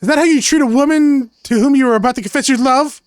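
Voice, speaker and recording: A man's voice: very high voice, expressive, rapid-fire, darkish tone, clear, resonant tone, no echo, pitched above the performer's own voice. A man reading aloud the lines of a feisty young woman in a teasing, indignant way. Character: feisty young woman, sharp-tongued sparring partner.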